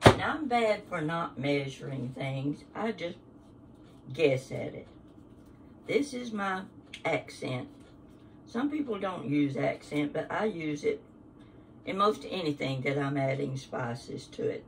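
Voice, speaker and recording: Unhurried grandmotherly woman, off-mic. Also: low voice, expressive, distant mic, slight background noise. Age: older. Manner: chatty, homespun, talks while working. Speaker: cooking show host. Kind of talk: casual cooking demonstration. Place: home kitchen. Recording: kitchen sounds, voice somewhat off-mic. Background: clinking dishes and utensils.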